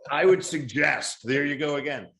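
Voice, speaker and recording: A man's voice: fairly high pitch, normal speed. Wry, rambling man in an echoey room. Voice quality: rambling, wry, deadpan storytelling. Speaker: podcast co-host. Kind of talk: casual podcast chat. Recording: roomy echo.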